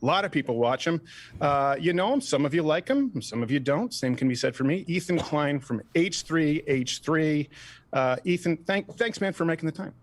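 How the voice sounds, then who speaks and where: Brash higher-voiced male show host. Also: lively intonation, moderate pace. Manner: brash, mocking, theatrical. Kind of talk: debate show talk.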